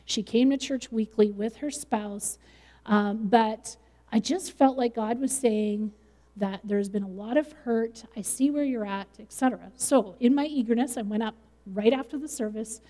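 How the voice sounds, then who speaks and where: A woman's voice: on the high side, normal speed, mellow, big-room sound. A middle-aged woman pastor preaching a sermon in a conversational way, with light laughs.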